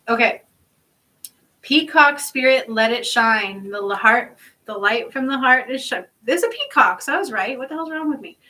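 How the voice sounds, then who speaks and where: Bright-voiced woman reading oracle cards. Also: on the high side, recorded from a distance, low-quality recording. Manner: emphatic, chatty, swears casually, keeps asking "okay?". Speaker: spiritual healer and card reader. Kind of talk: casual oracle card reading to viewers.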